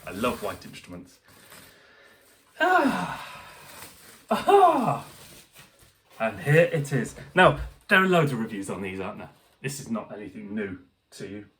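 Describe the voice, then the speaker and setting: Animated, chatty man reviewing a guitar. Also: lowish voice. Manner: chatty, animated, jokey asides. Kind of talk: casual unboxing review.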